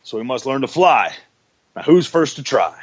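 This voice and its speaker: A man voicing a gruff, bossy male reindeer flight coach in a drill-sergeant manner. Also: medium pitch, very animated, moderate pace. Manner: blustery, drill-sergeant pep talk. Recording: dull lo-fi radio audio.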